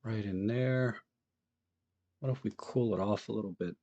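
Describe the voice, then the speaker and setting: The sound is lo-fi as a man with a fairly low voice hosts a live photo-editing session at normal speed. He muses aloud in a loose, conversational way and acknowledges chat viewers while he edits.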